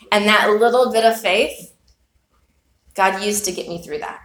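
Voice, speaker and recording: Woman preaching in an echoey room. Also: medium pitch. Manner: earnest, reflective storytelling with rhetorical questions. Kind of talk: sermon.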